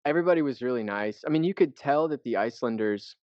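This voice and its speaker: A man's voice: medium pitch, animated, quick pace, no echo. A man co-hosting a podcast. He tells a travel story in a loose, rambling way and swears casually. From United States. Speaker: podcast co-host. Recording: dull, dry lo-fi podcast audio.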